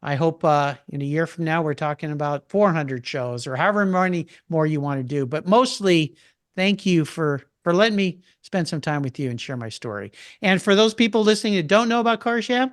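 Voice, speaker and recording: Older man, podcast guest; eager storyteller, slightly high pitch. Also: lively intonation, fairly quick, clear, resonant tone, dry recording, clean studio sound. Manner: enthusiastic, storytelling. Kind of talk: casual interview chat.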